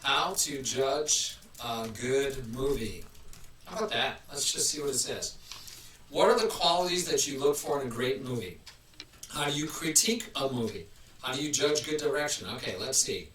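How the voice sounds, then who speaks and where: A man's voice: medium pitch, moderate pace, a bit bright, slight background noise. A man hosting a casual live stream, chatting in a rambling way and restarting his sentences often. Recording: roomy, mic at a distance.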